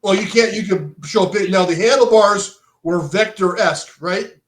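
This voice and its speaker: A middle-aged man spins loose, rambling stories in a high-pitched voice, tripping over restarts and tossing in "dude" and "man". The recording carries a roomy echo around him. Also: normal speed, slight background noise. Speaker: podcast guest, former bike shop owner. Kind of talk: casual chat.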